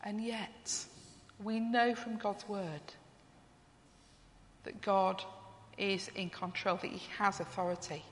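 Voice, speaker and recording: A woman's voice: medium pitch, flat delivery, slow. A woman preaching a sermon. She reflects on her theme and asks the congregation questions. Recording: long reverb of a church hall.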